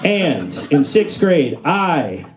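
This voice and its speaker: A young man performing a stand-up comedy set on a club stage. His storytelling is animated, and he jumps into high, squeaky voices for the characters he acts out. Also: extremely slow, a little hiss or hum. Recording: live audience laughter throughout.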